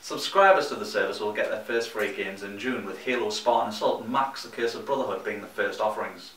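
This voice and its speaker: A young Geordie man rattles through gaming news at a quick clip, with dry, teasing asides between the items. His voice sits in a roomy, echoey space, picked up from a little way off the mic. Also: on the low side, noisy background. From North East England. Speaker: co-host of a gaming news show. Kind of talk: scripted comedic news reading. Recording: roomy echo, mic at a distance.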